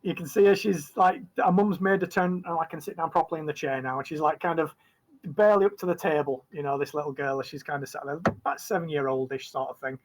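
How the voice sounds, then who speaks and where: Rambling game master. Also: male voice, on the high side, fast talker, a little hiss or hum, low-quality recording. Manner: rambling, full of fillers and restarts. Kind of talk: narrating a tabletop game.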